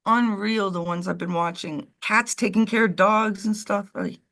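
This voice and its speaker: A woman's voice: medium pitch, normal speed, a bit bright. A woman co-hosting a live stream, chatting casually and rambling while she calls her dog over. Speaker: co-host of a live show.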